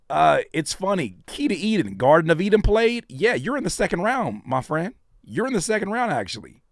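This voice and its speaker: A man with a hoarse voice, hosting a live stream where he reacts to submitted music in a loose, playful, slangy way. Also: on the high side, sing-song, a little fast, hardly any pauses, a bit bright, no room sound, clean studio sound. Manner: loose, playful, slangy, breaks into sung bits. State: hoarse, voice worn by allergies.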